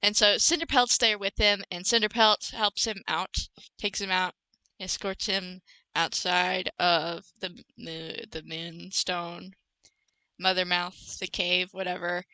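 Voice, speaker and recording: A woman's voice: fairly low pitch, steady tone, slow, bright, forceful tone, smooth, dry recording, low-quality recording. A young woman hosting a podcast, recapping a book in a rambling, self-correcting casual chat. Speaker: podcast host.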